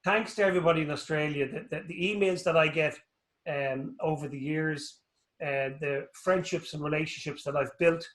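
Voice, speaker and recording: Irish guy telling stories, a bit higher voice, roomy echo. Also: normal speed. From Northern Ireland. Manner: rambling, animated storyteller, joking. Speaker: guest, anatomist. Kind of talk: casual interview chat. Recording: echoey room.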